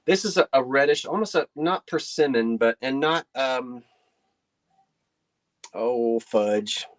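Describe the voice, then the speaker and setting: A woman's voice: extremely low pitch, lively intonation, moderate pace. A woman hosting a live online antiques sale from her home, chatty and folksy, often trailing off and restarting as she describes each piece. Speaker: online antiques auction host. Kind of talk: live sale stream presenting. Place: decorated home living room.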